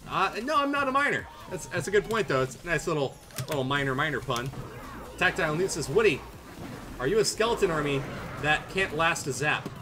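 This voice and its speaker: With lively intonation and a brisk pace, a Canadian tournament streamer in a fairly high voice reads jokes from viewers and casts matches, playful and self-mocking. He talks over music.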